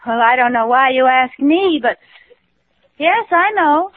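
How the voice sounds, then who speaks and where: An actress playing a teasing, good-humored young wife in an old radio sitcom, with dry humor. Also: female voice, high-pitched, animated, unhurried. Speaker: expectant wife. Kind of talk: 1940s radio sitcom acting. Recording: tinny old radio broadcast with hiss and audience laughter.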